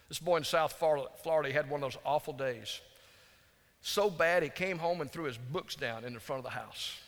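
Gravelly man preaching in a hall. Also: fairly high pitch, moderate pace. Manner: folksy, conversational, drops to hushed tones for emphasis. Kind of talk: storytelling sermon. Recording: long hall reverb.

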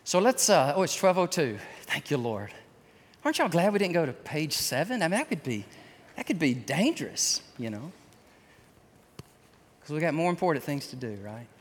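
A man preaching a sermon, acting out voices of sinners and then pleading softly in prayer during the invitation. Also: on the high side, big pitch swings, moderate pace, slightly rough. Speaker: pastor. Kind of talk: sermon with altar call. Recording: church hall reverb.

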